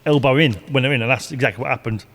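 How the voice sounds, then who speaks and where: A man's voice: medium pitch, very fast, fairly bright tone. A middle-aged man, a former racing driver, telling rambling, repetitive stories in casual conversation and swearing freely. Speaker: guest, retired racing driver. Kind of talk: casual anecdotal storytelling. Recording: reverberant room.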